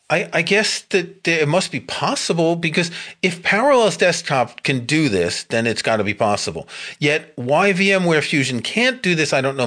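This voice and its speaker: A man's voice: medium pitch, fairly bright tone. Man explaining tech casually on a podcast. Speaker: podcast co-host.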